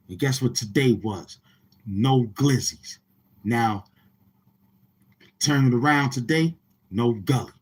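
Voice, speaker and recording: Slow and slightly rough, with frequent pauses, a mid-range male voice carries a commentary vlogger's channel rant. He rambles and taunts in heavy street slang, repeating himself throughout.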